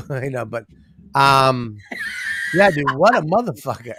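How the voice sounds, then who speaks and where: A man's voice: mid-range voice, animated, a little slow, a bit bright, no echo. A man co-hosting a podcast, ranting in a profane way and laughing through his lines in casual chat. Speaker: podcast co-host.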